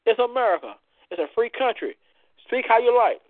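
A man hosting a casual talk show, bantering loudly and playfully, preaching at listeners with plenty of cursing. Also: extremely high pitch, very animated, fairly quick, dry recording. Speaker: poetry show host. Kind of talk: casual radio-style chat. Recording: dry, phone-like audio.

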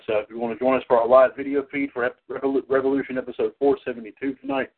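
A man hosting a wrestling call-in podcast, rambling with many restarts and repeated "ladies and gentlemen". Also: mid-range voice, expressive, very fast. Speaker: podcast host. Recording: tinny phone-line audio.

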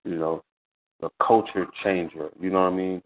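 A man speaking in casual radio talk, measured, leaning on "you know" and "you see what I'm saying". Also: low-pitched, fairly even intonation. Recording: phone-like radio line.

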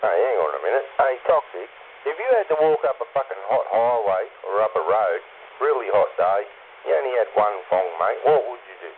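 A fairly low-voiced Australian man ribs his mates over a CB radio channel. His voice is squeezed into a thin, phone-like band with a light hiss behind it. He teases and swears freely. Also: animated, a little fast. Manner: crude, teasing, swearing. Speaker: CB radio caller. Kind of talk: casual banter over CB radio.

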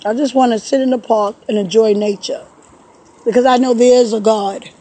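A woman speaks into a phone camera while sitting in a park, sad and shaken, her delivery halting with repeated words. Her voice sits a little high, with a husky, mellow tone. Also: fairly even intonation, low-quality recording. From New York. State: tearful. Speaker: vlogger. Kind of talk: emotional personal vlog. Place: outdoors in a park.

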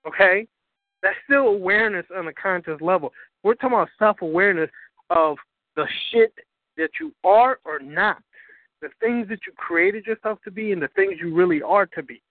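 A high-pitched man holds forth as host of a spiritual talk show, emphatic and profane, often checking "you understand?" His voice comes through a narrow, phone-like line. The sound is dry, with no room echo. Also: normal speed.

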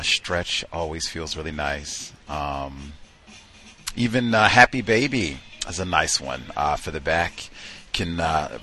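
A man with a very deep voice hosts a talk show and leaps between loud whoops and soft asides, his pitch ranging widely. His tone is bright and forward. A faint hiss runs underneath. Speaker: host. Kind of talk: podcast talk.

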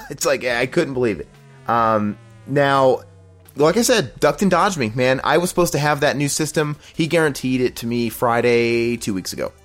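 A man's voice: medium pitch, expressive, normal speed, fairly bright tone, faint music behind. A man hosting a podcast, telling a long, profane complaint story in casual chat and mocking the people he quotes. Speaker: podcast host.

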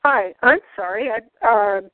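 A woman's voice: a little high, unhurried, no echo. A woman calling in to a talk show, speaking in a hesitant, apologetic, worried way. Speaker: caller. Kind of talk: phone call into a talk show. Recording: dry tinny phone line.

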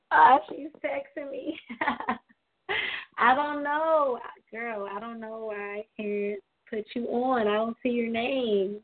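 A woman's voice: fairly high pitch, steady tone, takes it slowly. A woman hosting a community call, chatting loosely and laughing often over tinny call audio. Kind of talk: casual online call hosting. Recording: tinny phone-line audio.

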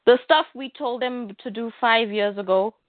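A woman's voice: a little high, normal speed, dry recording. A woman co-hosting a casual chat about comics, rambling and frank with many fillers. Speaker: podcast co-host. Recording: dry, tinny phone-like line.

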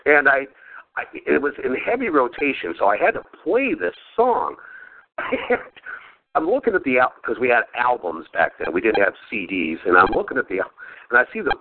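A man's voice: mid-range voice, sing-song, fairly quick. A man hosting a podcast in casual chat, rambling and crude, laughing often. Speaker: podcast host. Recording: phone-like lo-fi sound.

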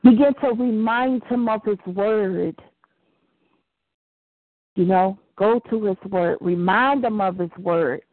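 A woman's voice: mid-range voice, slow pace, pauses often, dry recording. A woman preaching and praying fervently, rising into impassioned pleading. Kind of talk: preached prayer broadcast. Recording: tinny phone line.

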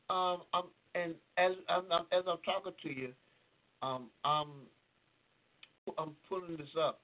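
A man's voice: fairly high pitch, a little slow, pauses often. A man co-hosting a casual political talk show, telling a story in disbelief and repeating himself for emphasis. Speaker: podcast co-host. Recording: tinny phone-like sound.

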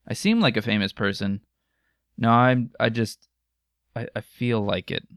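Young American man, podcast host, wry self-deprecating humor, gravelly voice, dry close mic. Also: medium pitch, steady tone, measured pace, a bit bright, dry recording. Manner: self-mocking, joking, laughs often. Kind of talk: casual solo podcast chat. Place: home room with microphones. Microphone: studio microphone.

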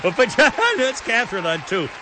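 A man in his sixties hosting a radio talk show, telling rambling stories and giving away tickets with quick laughs. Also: high voice, expressive, crowd noise, background noise. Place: radio studio. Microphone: studio microphone.

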